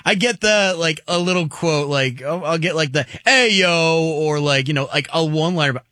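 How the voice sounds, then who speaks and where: A man co-hosting a sports talk show, easygoing and quick to laugh. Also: on the high side, a bit bright, no echo. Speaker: co-host.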